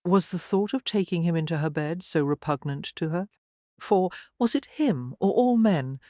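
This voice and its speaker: A woman narrating an audiobook romance in an expressive, dramatic way. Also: fairly low pitch, normal speed, no echo, studio quality. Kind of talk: scripted narration.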